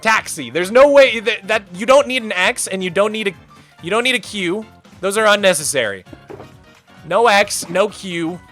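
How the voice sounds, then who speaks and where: A high-voiced young man talks casually on a live stream, his pitch bouncing all over as he rants with mock outrage. His tone is bright and forceful, and faint music plays under his voice. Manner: animated, ranting, quick to exaggerate.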